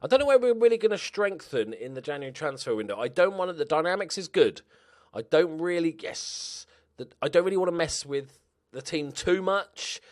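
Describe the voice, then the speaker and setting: A young man chatting casually as he plays a football management game. He reacts loudly to the match and laughs at his own jokes. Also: a little high, lively intonation, a little fast, no echo, studio quality. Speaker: gaming YouTuber.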